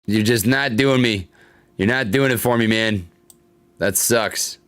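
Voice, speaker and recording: A man's voice: on the low side, unhurried, a bit bright, clean tone. A young man hosting a live stock-trading stream, commenting casually on charts, reading chat aloud and venting frustration. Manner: frustrated, reads chat aloud, swears and laughs it off.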